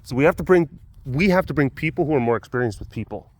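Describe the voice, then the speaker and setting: A man's voice: mid-range voice, lively intonation, fast. A man vlogging outdoors at a wild animal facility, rambling and joking with many restarts. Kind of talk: casual rambling vlog commentary.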